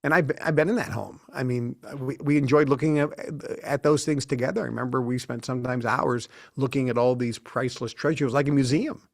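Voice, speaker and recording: A man's voice: medium pitch, steady tone, fairly quick, vocal fry, hardly any pauses, dry recording. A man in his sixties, an interview guest in a studio, telling long stories and acting out the dialogue. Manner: anecdotal, acts out quoted dialogue.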